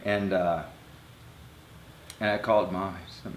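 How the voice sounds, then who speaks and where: Man, interview guest, emotional storytelling, low voice, echoey room, faint background hum. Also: unhurried, long pauses. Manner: animated, swings between loud bursts and hushed low lines.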